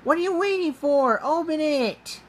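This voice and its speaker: A man voicing a sweet, cheerful young girl in a homemade storybook reading, with a high, bubbly, coaxing voice. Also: expressive, takes it slowly, fairly bright tone, a little hiss or hum, heavily acted. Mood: cheery.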